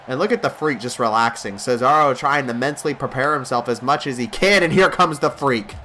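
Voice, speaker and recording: A man giving mock play-by-play wrestling commentary over gameplay, excitable like a hype announcer. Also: mid-range voice, a little fast, faint music behind.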